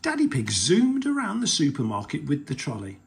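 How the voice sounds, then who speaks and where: A man reading a picture book aloud to children, slow and expressive. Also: on the high side, creaky.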